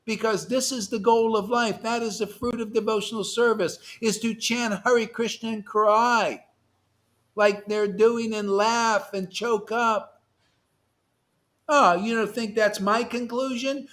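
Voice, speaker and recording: A man leading an online devotional class, talking in an animated, impassioned way that swings between loud urging and soft asides. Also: high voice, unhurried. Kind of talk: impassioned casual teaching.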